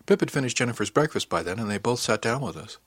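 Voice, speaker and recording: A young man narrating an audiobook in the first person at a steady, plain storytelling pace. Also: medium pitch, fast, breathy edge, no room sound.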